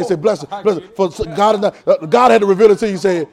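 A man preaching a call-and-response sermon, animated, repeating words and quizzing the congregation. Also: high voice, fast talker, gravelly. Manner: animated, repeats words, teaches by asking the crowd.

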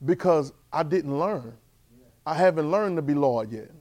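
A man teaching a Bible class in a sermon style, animated, with constant call-and-response checks of his listeners. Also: on the high side, unhurried. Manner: repetitive call-and-response, keeps asking "right?"; animated, swings loud and soft.

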